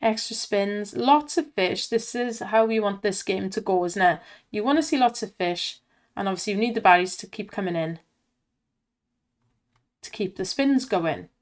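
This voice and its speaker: An excitable woman commenting on slot spins and cheering the reels on, her voice strained from shouting. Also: medium pitch, normal speed. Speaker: slot streamer.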